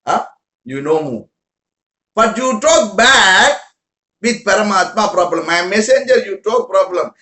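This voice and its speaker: A man's voice: high-pitched, expressive, unhurried, sharp tone. A man giving an informal spiritual talk to followers in broken English, repeating words and asking listeners questions. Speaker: spiritual teacher. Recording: roomy echo.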